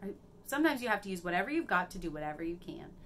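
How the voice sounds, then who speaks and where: A woman's voice: medium pitch, big pitch swings, rapid-fire, fairly bright tone, a little hiss or hum. A woman voicing Ma, a stern older woman who mentors a young magic apprentice, talking in a firm, lecturing way.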